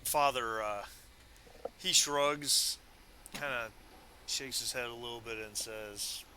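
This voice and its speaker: A man narrating a tabletop game as game master, halting with many fillers. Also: mid-range voice, bright, forceful tone, roomy sound, slight background noise.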